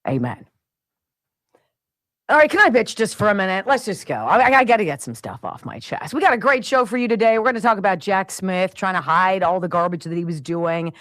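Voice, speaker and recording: A woman's voice: medium pitch, animated, fast, hardly any pauses, fairly bright tone, no echo. A middle-aged woman hosting a talk radio show, venting in an opinionated monologue and mimicking sounds and voices. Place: home studio with camera. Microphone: studio mic.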